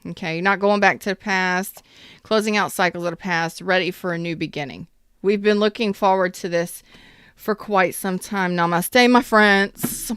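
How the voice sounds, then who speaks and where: Speaking straight to her viewers, this tarot reader is upbeat, emphatic, and chatty as she gives a casual reading. Her lowish voice has a fairly bright, clean tone, fairly even intonation, and a moderate pace. The studio sound is clean, with no room sound.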